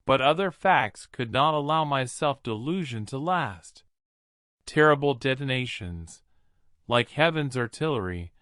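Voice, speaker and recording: A man reading a classic adventure novel aloud in a measured, dramatic narration. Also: medium pitch, fairly bright tone, no room sound, clean studio sound. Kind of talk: audiobook narration.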